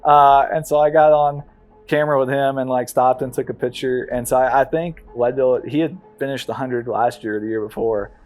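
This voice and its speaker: Man recounting a race, halting. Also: medium pitch, steady tone, a little mellow, faint music behind. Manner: halting and conversational with many fillers. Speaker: ultramarathon runner telling his race story. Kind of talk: documentary interview.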